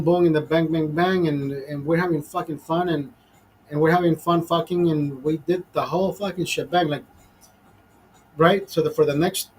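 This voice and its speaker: A man from Honduras hosts a casual livestream chat, telling a crude story packed with profanity and laughing often at his own jokes. His voice is husky with a fairly high pitch.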